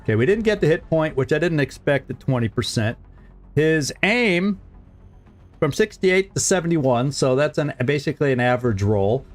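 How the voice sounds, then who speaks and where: A man's voice: fairly high pitch, lively intonation, moderate pace, faint music behind. A man streaming a strategy game, talking casually to his viewers, often chuckling and repeating words as he thinks aloud. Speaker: gaming streamer. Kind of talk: casual let's-play commentary.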